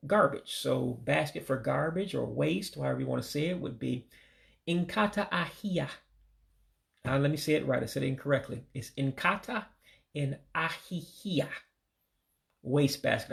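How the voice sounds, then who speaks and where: Male from the US, gravelly voice, runs a casual vocab lesson, slow patient repetition of each word. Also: medium pitch. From United States. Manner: religious sign-offs. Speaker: language learner teaching vocabulary.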